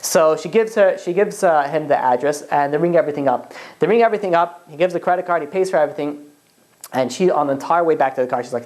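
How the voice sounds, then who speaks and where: A woman's voice: low-pitched, fast, darkish tone. A woman telling a long story in a chatty, casual way, with many "like" and "you know" fillers.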